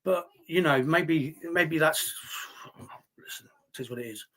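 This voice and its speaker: A man's voice: fairly high pitch, a little slow, fairly bright tone. A man hosting a live stream, answering viewer chat in heated, indignant talk with plenty of swearing. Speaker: livestream host reading viewer chat.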